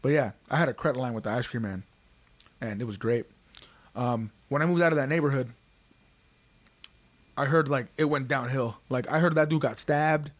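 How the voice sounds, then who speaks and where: A man's voice: medium pitch, normal speed, pauses often. A man hosting a podcast, telling a story in casual chat, full of swearing and fillers like "like" and "um.". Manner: profane, rambling with frequent fillers. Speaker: podcast host.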